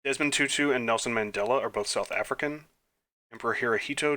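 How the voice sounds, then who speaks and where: A man talks his way through an online history quiz, muttering guesses under his breath. His voice is bright and forward, and he breaks into flustered, self-mocking outbursts. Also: mid-range voice, fast. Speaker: gaming YouTuber. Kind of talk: quiz playthrough commentary.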